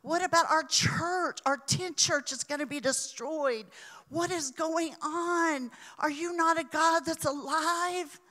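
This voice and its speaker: A woman's voice: extremely high pitch, slow pace, bright, forceful tone, voice pushed up, exaggerated voice. A woman voicing a desperate male missionary who cries out to God in anguished, pleading prayer. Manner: crying out, pleading.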